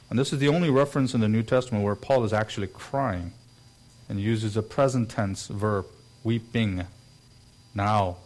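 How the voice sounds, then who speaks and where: A man's voice: mid-range voice, darkish tone. A man preaching a sermon in an earnest way, now and then acting out quoted voices. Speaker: pastor.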